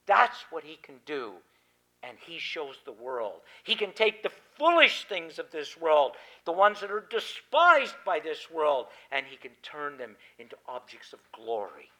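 A man preaching a sermon on scripture, swinging between loud emphatic declarations and quiet asides. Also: on the high side, big pitch swings, moderate pace, low-quality recording.

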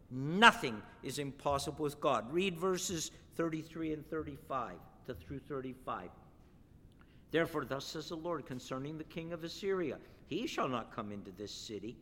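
A man preaching a sermon and reading scripture aloud, emphatic and rising to forceful declarations. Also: medium pitch, in a large hall, a little hiss or hum.

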